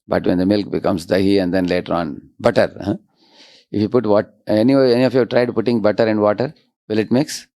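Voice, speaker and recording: A man giving a devotional lecture, often checking in with his audience with quick rhetorical questions. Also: on the low side, fairly even intonation, warm tone, dry recording, studio quality. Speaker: spiritual lecturer.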